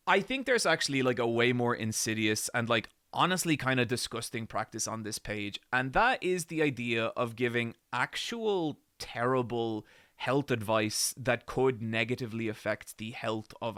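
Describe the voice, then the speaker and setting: A man's voice: mid-range voice, lively intonation, normal speed, a bit bright, dry recording, studio quality. An Irish man hosting a commentary video, talking animatedly and swearing as he riffs with restarts. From Ireland. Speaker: video essay host. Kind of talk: casual commentary.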